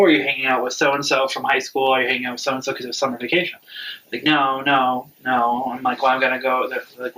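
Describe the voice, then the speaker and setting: A man's voice: mid-range voice, bright, forceful tone, recorded from a distance, low-quality recording. A man in his twenties telling a personal story in casual chat, rambling and frank, swearing freely. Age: 20s. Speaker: vlog regular.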